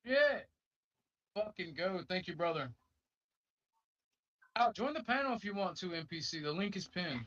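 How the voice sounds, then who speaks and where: A man's voice: high voice, lively intonation, moderate pace, pauses often, a bit bright, recorded from a distance. A man with a Southern accent hosting a casual livestream panel, rambling with stumbling restarts. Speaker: panel host. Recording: lo-fi stream audio.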